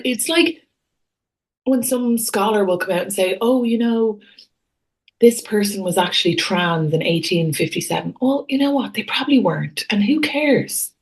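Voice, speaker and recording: A woman's voice: mid-range voice, rough recording. A woman co-hosting a podcast, talking in a blunt, dismissive, conversational way. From Ireland. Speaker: podcast co-host. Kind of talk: casual political chat.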